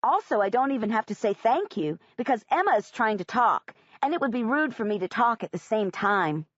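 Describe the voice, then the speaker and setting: A woman narrating a first-person audiobook in an expressive, plain-spoken way. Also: fairly high pitch, brisk. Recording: dry, slightly muffled audiobook recording.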